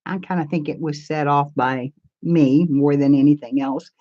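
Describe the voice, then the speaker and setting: A woman's voice: low voice, steady tone, moderate pace, warm tone, highs cut off. An older woman hosting a crafts channel, chatting in a rambling, homey way and answering viewers' comments on a live stream. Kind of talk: casual live-stream chat. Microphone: camera mic.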